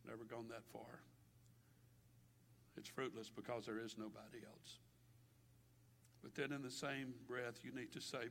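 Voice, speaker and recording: A male pastor preaching a sermon with passion, his delivery swinging from loud declarations to hushed, quiet stretches. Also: medium pitch, level tone, unhurried, gravelly, long pauses, slight background noise. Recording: long hall reverb.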